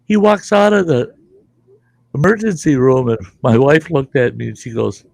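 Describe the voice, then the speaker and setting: Rambling through a casual storytelling chat, a middle-aged man hosting a podcast swears a lot and laughs as he goes. He sounds animated, with a gravelly, darkish mid-range voice at normal speed and no echo.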